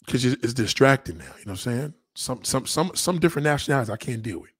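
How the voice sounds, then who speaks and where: A man hosts a casual streamed chat, rambling crudely in street slang. His voice is husky, and his pitch swings up and down a lot. The sound is dry and close, with no room echo. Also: lively intonation, quick pace, few pauses, a bit bright. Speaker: host.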